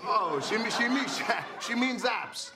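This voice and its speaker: An actor playing a crude, dim boyfriend in a comedy sketch, brash and laughing loudly. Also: male voice, very high voice, lively intonation, unhurried, noisy background, heavily acted. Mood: boisterous.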